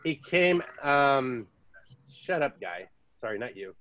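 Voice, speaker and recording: An American man hosting a podcast, telling stories in a chatty, casual way with lively asides. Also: mid-range voice, slow pace, highs cut off. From United States. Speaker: podcast host. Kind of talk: casual chat.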